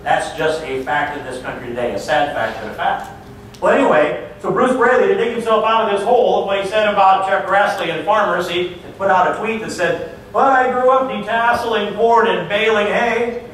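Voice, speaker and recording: A man's voice: high-pitched, normal speed, fairly bright tone. A man giving a political speech, telling folksy, mocking stories to a crowd. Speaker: political speaker. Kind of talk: stump speech. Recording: echoey hall from far off with faint noise.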